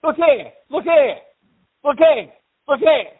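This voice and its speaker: A man's voice: extremely high pitch, expressive, takes it slowly, exaggerated voice. A prank caller voicing an aggressive, hot-tempered tough guy making repeated threats. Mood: furious. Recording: tinny phone line.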